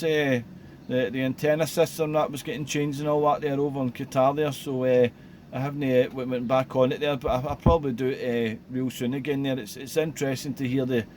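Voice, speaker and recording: A man, chatting casually over CB radio, relaxed and rambling with lots of radio jargon. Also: fairly high pitch. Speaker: CB radio operator. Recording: faint background noise.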